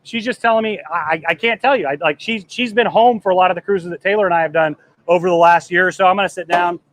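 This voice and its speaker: A man in his thirties hosting a live travel vlog from the deck of a cruise ship, excited and emotional, his voice trembling and choking up as he rambles. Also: high-pitched, fast talker. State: trembling, choked up. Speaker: travel agency host.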